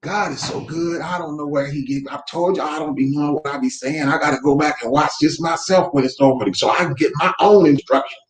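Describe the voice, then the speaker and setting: A man running his company's weekly motivational talk from home, speaking fervently like a preacher and breaking into shouts. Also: a little high, a little fast, hardly any pauses, echoey room. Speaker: real estate company owner, host. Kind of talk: live faith-based motivational talk. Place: room at home. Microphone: camera mic.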